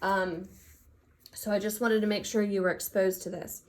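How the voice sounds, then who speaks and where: A woman teacher speaks to her fifth graders in a recorded lesson, open and affectionate. Her voice sits at an ordinary middle pitch, and she keeps an upbeat, encouraging tone as she walks them through the math. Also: flat delivery, moderate pace, darkish tone. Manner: heartfelt and affectionate with her students. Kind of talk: recorded remote class lesson.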